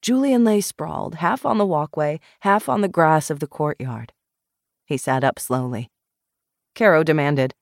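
Slow, expressive woman narrator. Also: low-pitched, no room sound, studio quality. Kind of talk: audiobook narration.

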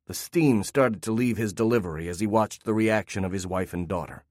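A man narrating a fiction story in a measured, steady reading on a close mic. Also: on the low side, no echo.

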